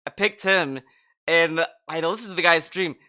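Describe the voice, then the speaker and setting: A man with a bright, smooth and somewhat high voice talks through a casual podcast chat. He rambles loosely, piling on fillers and starting sentences over. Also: moderate pace. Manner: rambling, filler-heavy, frequent restarts. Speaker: podcast co-host.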